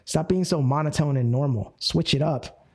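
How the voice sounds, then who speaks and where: An energetic man coaches a group live, with a voice that sits a little high for a man. He plays with his delivery, jumping between fast and slow and acting out quick phone calls. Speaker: network marketing coach.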